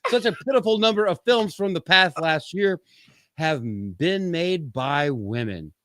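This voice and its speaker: Here a male podcast host with a high, fairly bright voice speaks animatedly at a measured pace on a dry recording. Hosting a live-stream commentary show, he reads quotes and keeps interrupting them with sarcastic, profane ridicule.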